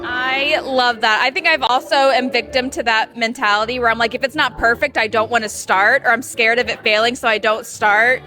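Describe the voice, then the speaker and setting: A woman with a high, bright voice chatting at a game night. She sounds upbeat and candid as she speaks up. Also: steady tone, moderate pace, few pauses, soft background music. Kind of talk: casual chat.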